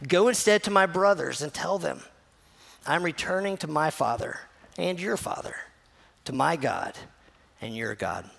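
A calm, tender teacher speaks slowly and quietly, voiced by a man reading scripture. The voice has a gravelly texture. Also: on the high side, exaggerated voice. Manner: soft, slow, tender.

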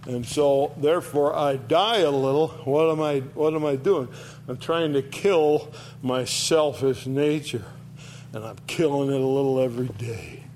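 A man giving an informal Bible teaching, retelling the scripture in lively storytelling and acting out the quoted voices. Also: mid-range voice, measured pace, a little hiss or hum.

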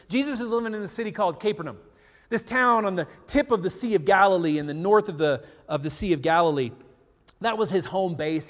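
A man preaching a sermon, telling a story with animated retellings and quoted voices. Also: on the high side. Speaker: pastor. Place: church in Colorado. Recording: long reverb of a large hall.

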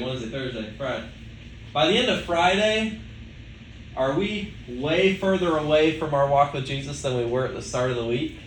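A man's voice: medium pitch, slight background noise. A male pastor preaching a sermon in a conversational way, asking the listeners rhetorical questions. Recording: echoey room with faint ambience.

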